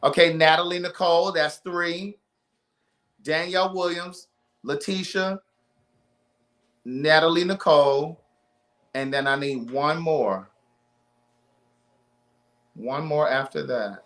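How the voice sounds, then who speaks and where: A man's voice: a little high, takes it slowly, long pauses, a bit bright. A man from Maryland hosting a live stream in casual chat, reading out viewers' names and thanking them. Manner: chatty, reads viewer names aloud.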